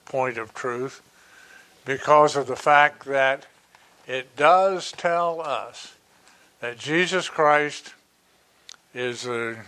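A man preaching a sermon, reading Bible verses and explaining them with slow, deliberate asides. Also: mid-range voice, bright, forceful tone.

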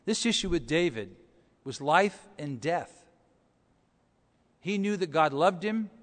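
A man preaching a sermon as pastor, telling stories and swinging between soft asides and loud emphasis. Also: on the high side, animated, slow, long reverb tail. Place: church.

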